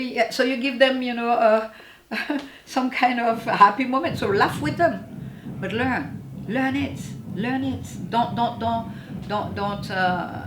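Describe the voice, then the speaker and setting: Blunt, higher-voiced woman with echo. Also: fairly bright tone, a little hiss or hum. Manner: blunt, repetitive, stumbling emphasis. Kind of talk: casual opinion. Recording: roomy echo.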